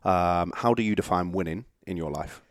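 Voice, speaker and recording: Casting: male podcast host, very low voice, dry close mic, friendly banter. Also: moderate pace, dry recording. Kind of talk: casual interview chat.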